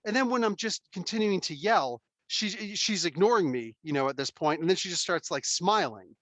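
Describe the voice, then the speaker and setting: A man hosting a casual podcast chat, telling stories in an animated, emphatic way and swearing freely. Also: sits high, normal speed, dry recording. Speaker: podcast host.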